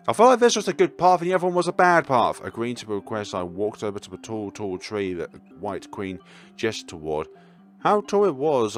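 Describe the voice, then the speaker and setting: A young man reading a visual novel aloud, throwing in animated asides and jokes. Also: fairly low pitch. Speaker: gaming YouTuber.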